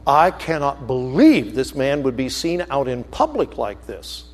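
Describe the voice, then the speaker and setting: A man preaching a sermon as a story, animated, swinging from loud outbursts to hushed, slow emphasis. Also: mid-range voice, long reverb tail.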